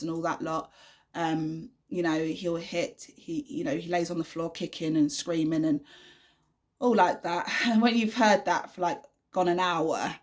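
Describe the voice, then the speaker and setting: A young woman talking frankly to camera from her bedroom, in a chatty, unedited vlog full of fillers and restarts. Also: fairly low pitch. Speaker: vlogger, mother.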